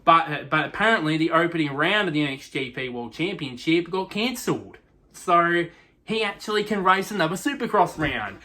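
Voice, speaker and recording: A man's voice: a little high, lively intonation, normal speed, sharp tone. A young man giving a casual, rambling race recap full of restarts and fillers. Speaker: motorsport review host.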